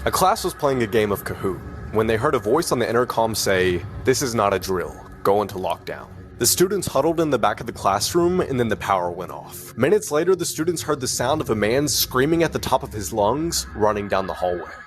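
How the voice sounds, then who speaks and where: A man narrating a scary story in a measured, scripted way. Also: on the low side, very animated, faint music behind.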